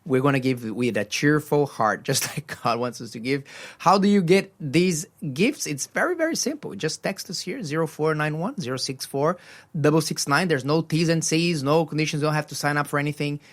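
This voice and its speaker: A man's voice: a little high, moderate pace. A man co-hosting a faith radio breakfast show, talking earnestly about giving, often repeating words as he goes. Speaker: radio co-host. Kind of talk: casual radio chat.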